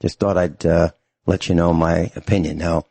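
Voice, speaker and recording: A man's voice: deep voice, steady tone, normal speed, warm tone, slightly rough, no echo. A man hosting a talk radio show, ranting angrily and emphatically to his listeners.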